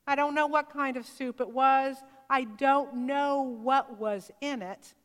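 A woman's voice: sits high, fairly even intonation, takes it slowly. A woman preacher telling a story in a sermon, acting out the dialogue as she goes. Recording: long hall reverb.

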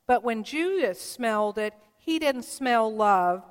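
A woman pastor delivers her sermon in a fairly high voice, earnest and warmly storytelling as she quotes the people in her stories. Her words ring out with a long reverb, as if carried through a church sanctuary. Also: lively intonation, slow, smooth.

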